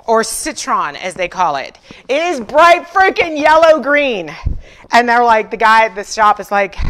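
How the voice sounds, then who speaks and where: A woman's voice: medium pitch, fairly bright tone. Chatty woman hosting a livestream. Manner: chatty storyteller, acts out dialogue, self-deprecating humor. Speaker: furniture painting livestream host. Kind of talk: casual livestream chat.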